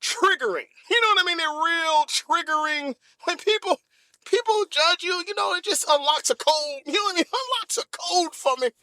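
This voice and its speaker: A man hosting an improvised comedy podcast, telling a story in an animated, repetitive way. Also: very high-pitched, moderate pace, dry recording, studio quality. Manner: animated, repetitive, laughs often. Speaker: podcast host.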